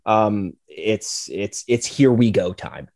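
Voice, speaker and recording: A man's voice: lowish voice, takes it slowly, a little mellow, dry recording, studio quality. A man co-hosting a sports podcast, talking in a loose, laid-back, profane way. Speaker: podcast co-host. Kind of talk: casual sports podcast chat.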